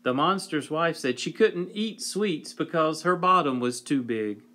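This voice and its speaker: A man reading a whimsical children's story aloud with a slow, wry delivery, sometimes clearing his throat. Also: a little high, expressive, bright, forceful tone.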